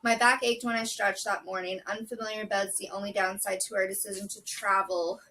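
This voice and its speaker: A woman reading a novel chapter aloud in a steady, measured way, with brief casual asides. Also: medium pitch, far from the mic, a little hiss or hum, poor audio. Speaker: book vlogger.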